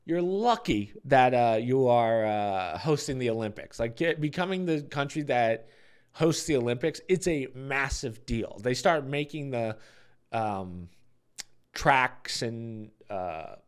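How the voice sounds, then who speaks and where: A man's voice: medium pitch, animated, takes it slowly, clear, resonant tone. A young man hosting a casual podcast chat from his ground-floor home, talking loosely with frequent restarts and laughs. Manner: chatty, stumbling restarts, laughs often. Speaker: podcast host.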